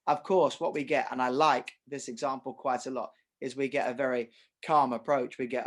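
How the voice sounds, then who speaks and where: A middle-aged man coaching through a relaxed podcast conversation. He explains ideas with lively acted examples and a conversational, expressive manner. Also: medium pitch, normal speed. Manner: animated storyteller, uses acted examples. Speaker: tennis coach. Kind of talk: casual podcast chat.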